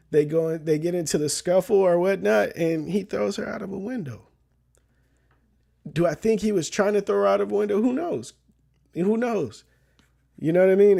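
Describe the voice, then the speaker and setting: A man's voice: fairly high pitch, gravelly, warm tone. A young man vlogging in a loose, slang-filled way, retelling a story as casual commentary and often checking in with "you know what I mean".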